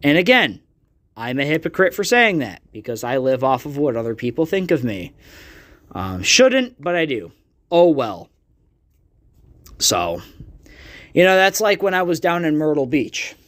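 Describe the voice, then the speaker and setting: Podcast host, young man, high-pitched, blunt and sweary, casual rant. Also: very animated, unhurried, pauses often, a bit bright. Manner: ranting and profane, with frequent fillers.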